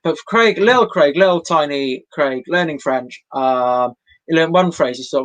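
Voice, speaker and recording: A young man tells a rambling stand-up bit in a slightly high voice, wandering off course and mocking himself. He talks from home into a mic for an online show, with plenty of ums and restarts. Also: a little slow, low-quality recording. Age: young adult. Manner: meandering, self-deprecating, full of fillers. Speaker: stand-up comedian.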